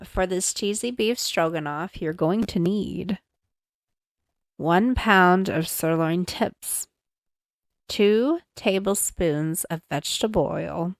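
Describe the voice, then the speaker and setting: Young female home podcaster, self-conscious and chatty, unhurried delivery, dry handheld mic sound. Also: fairly low pitch, no echo. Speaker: podcast host. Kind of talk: casual recipe reading. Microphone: handheld mic, moved around.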